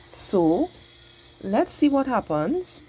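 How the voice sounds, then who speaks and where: A woman teaching a patient, exaggerated grammar lesson to young children, speaking slowly and clearly. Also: a little high, sing-song, warm tone, a little hiss or hum.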